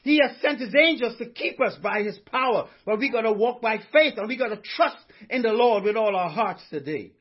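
A man's voice: high voice, animated, fairly quick, few pauses, breathy edge, dull audio. A male pastor preaching a sermon, fervent and repetitive, stressing each line with conviction. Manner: fervent, repeats lines with conviction.

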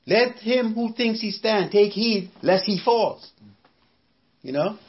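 A man's voice: high voice, animated, slow pace, lo-fi sound. A man preaching a sermon, emphatic, repeating his phrases and firing off rhetorical questions.

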